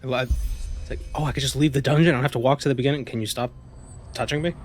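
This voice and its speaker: A man's voice: medium pitch, fairly even intonation, quick pace, faint music behind. A man streaming a video game, giving casual, rambling commentary and thinking aloud with amusement.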